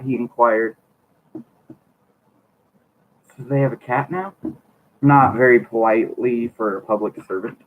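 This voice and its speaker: A man's voice: mid-range voice, unhurried, long pauses. Man reading aloud through a tinny mic. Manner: stumbles over words, wry running commentary. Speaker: YouTuber reading a book aloud. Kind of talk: reading aloud with joking asides. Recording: tinny lo-fi mic, faint hiss.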